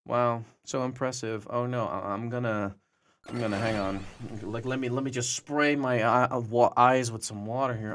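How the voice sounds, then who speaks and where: A man's voice: medium pitch, fairly even intonation, normal speed, a bit bright. A young man streaming live, chatting to his viewers and taunting a troll with profane mockery.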